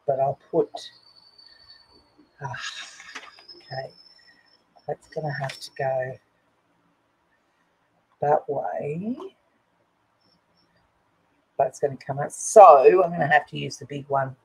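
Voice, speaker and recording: A woman's voice: deep voice, steady tone, slow, long pauses, a little mellow, a little hiss or hum, low-quality recording. A woman chatting casually to viewers and herself while she works on a craft project. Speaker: craft video host.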